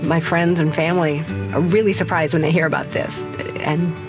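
An older woman telling a personal story in an animated way, often laughing as she talks. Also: sits low, normal speed, over music.

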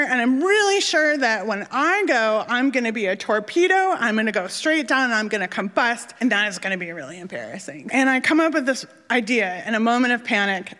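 A woman telling a funny personal story on stage, animated and self-mocking, acting out the voices of the people in it. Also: fairly high pitch, big-room sound.

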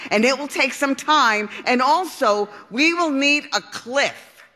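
A woman voicing a kind, sensible girl duck in a storybook reading, speaking gently and reassuringly. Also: high-pitched, expressive, takes it slowly, voice pushed up, exaggerated voice. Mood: earnest. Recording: long hall reverb.

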